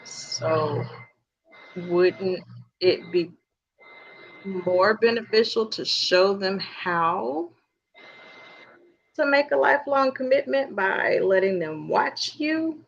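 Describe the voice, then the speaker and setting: Female podcast co-host, unhurried, lowish voice, muffled sound. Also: animated, gravelly. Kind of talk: casual chat. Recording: muffled lo-fi audio.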